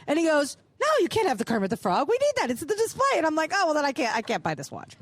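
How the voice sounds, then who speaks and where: A woman's voice: wildly swooping pitch, fast talker. A woman co-hosting a live podcast show, telling a long story with lots of swearing and acting out each voice in the dialogue. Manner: profane, acts out dialogue with big pitch jumps. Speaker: podcast co-host. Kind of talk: animated storytelling. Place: live show on a cruise ship.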